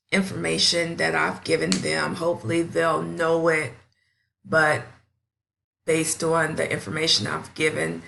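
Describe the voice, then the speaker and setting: A woman who teaches fifth grade, presenting a classroom science station in a deliberate, instructional way with small slips. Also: low-pitched, creaky, a bit bright, slight background noise.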